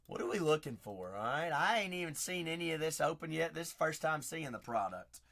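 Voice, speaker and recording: A man's voice: a little high, very animated, a little fast. A man hosting a live card break stream, chatty and hyping up his viewers. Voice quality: raspy. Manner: chatty, hypes up viewers, shouts out names.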